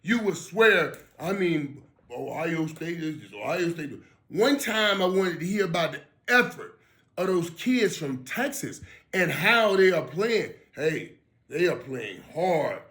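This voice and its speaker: Gravelly man, emphatic reaction chat. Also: a little high, expressive, measured pace, a bit bright. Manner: emphatic, repeats and restarts words, talks straight to viewers. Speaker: sports commentator reacting on his own channel. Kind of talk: casual reaction commentary.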